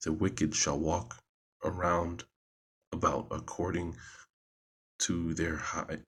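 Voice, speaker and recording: A man with an extremely deep, husky voice reads scripture aloud at an unhurried pace. He stumbles and corrects himself as he goes, and stops now and then for casual asides. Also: flat delivery, fairly bright tone. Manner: halting, self-correcting reading. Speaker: Bible reader.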